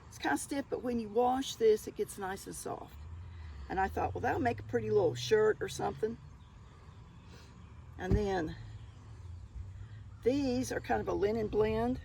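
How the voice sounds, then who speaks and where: A woman's voice: mid-range voice, measured pace, creaky, pauses often, warm tone, slight background noise, poor audio. An older woman with a Southern US accent, chatting in a folksy way as she shows off her thrift finds to viewers. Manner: chatty and folksy, keeps calling the viewers y'all. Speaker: thrift haul vlogger. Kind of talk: casual show-and-tell haul.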